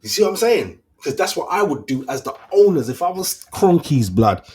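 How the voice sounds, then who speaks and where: A man's voice: on the high side, sing-song, normal speed, a little mellow. A man, hosting a fan channel and ranting casually in slang, full of rhetorical questions.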